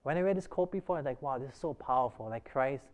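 This Bible study teacher talks fast in a medium-pitched voice with lively intonation, constantly questioning his class and frequently starting sentences over. The recording's high frequencies are cut off.

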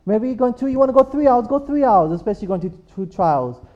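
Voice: mid-range voice, expressive, quick pace, dull audio. A preacher delivering a sermon, repeating points and asking the congregation for amens. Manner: repetitive, rhetorical, calls for amens.

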